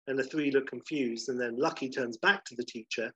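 A man's voice: medium pitch, fairly quick, a bit bright, slightly rough, dry recording. A man casually talking through a comedy scene, rambling with lots of "like" and "you know". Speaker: storyteller pitching a comedy scene. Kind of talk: casual spoken storytelling. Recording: slightly dull lo-fi recording.

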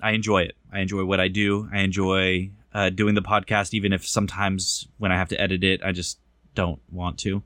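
A man's voice: low voice, little pitch movement, fairly quick, a bit bright, dry recording. A man co-hosting a podcast, trading dry, self-deprecating jokes with some casual swearing. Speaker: podcast co-host.

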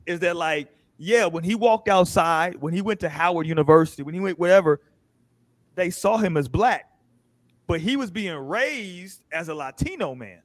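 Speaking at a moderate pace, a high-voiced American man hosts a laid-back panel podcast, recorded with no room sound. His storytelling is animated, full of quotes he acts out.

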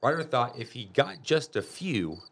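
A man reading a children's chapter book aloud in a lively, expressive storytelling manner. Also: medium pitch, moderate pace, vocal fry, a little hiss or hum. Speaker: storybook reader. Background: music.

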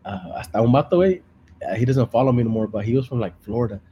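A man's voice: mid-range voice, expressive, very fast, warm tone, lo-fi sound, slight background noise. A man hosting a live podcast, mixing English and Spanish slang in crude, rambling, laugh-filled stories. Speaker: podcast host. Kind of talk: casual live-stream banter.

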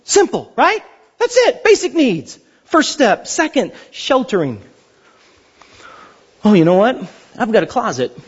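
A man delivers a sermon in a high, husky voice that climbs and dips all over as he acts out the people in his stories. His energy stays lively throughout. The recording sounds dull and lo-fi. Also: a little slow, pauses often. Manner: animated storytelling, acting out quotes. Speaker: preacher.

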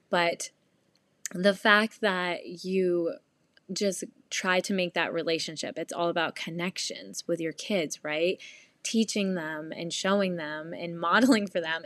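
A woman's voice: lowish voice, dry recording. A woman in her thirties talking candidly to camera as a mom vlogger, earnest and rambling, often laughing as she tells the story. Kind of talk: candid confessional vlog.

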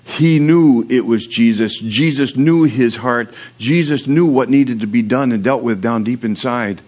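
Man, pastor, livestreamed sermon, mid-pitched voice, chatty and joking between scripture and prayer. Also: normal speed, darkish tone. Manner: reads scripture aloud then preaches conversationally, with prayer and humor.

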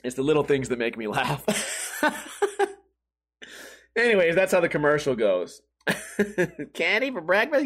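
Young man, podcast host, casual rambling, profane, self-amused, high voice. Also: very animated, normal speed, pauses often, a bit bright. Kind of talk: solo casual podcast rant.

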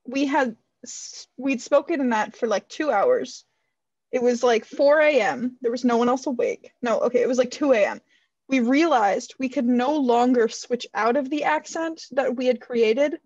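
A young American woman co-hosting a casual chat, playful with deadpan asides. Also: fairly high pitch, normal speed, no echo. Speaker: podcast co-host. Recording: slightly dull lo-fi mic.

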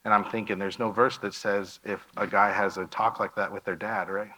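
A man's voice: on the low side, flat delivery, moderate pace, pushed and bright, rough recording. A man giving a missionary presentation in a church, telling a story and acting out the dialogue of the people in it.

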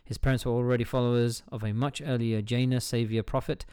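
A man's voice: medium pitch, flat delivery, fast, dark tone, smooth, no room sound, studio quality. A man hosting a casual solo podcast, reading a book aloud, stumbling over hard words, cursing at himself and breaking off with joking asides. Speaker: podcast host.

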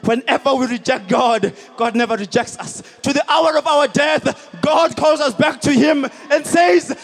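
Very high-voiced man preaching emphatically. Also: normal speed, gravelly, few pauses. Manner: emphatic, repetitive preaching with shouted peaks. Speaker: pastor. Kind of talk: sermon. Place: outdoor stadium service.

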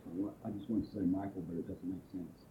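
A man at a workshop speaking hesitantly and quietly, unsure of his words. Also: low voice, little pitch movement, quick pace, a little hiss or hum. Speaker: workshop participant. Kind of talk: hesitant sharing in a group. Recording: thin echoey phone-like recording.

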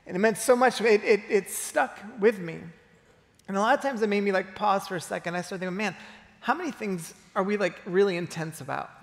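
Guy in his 40s preaching, kinda high voice, rambly storytelling, big echoey church. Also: a bit bright. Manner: casual, storytelling, many fillers and restarts. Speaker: pastor. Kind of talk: conversational sermon.

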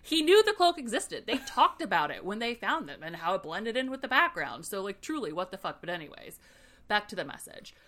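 Young woman host, snarky, swears a lot, animated recap delivery. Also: mid-range voice, fairly quick. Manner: sarcastic, profane, animated. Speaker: podcast host. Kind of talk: casual book recap.

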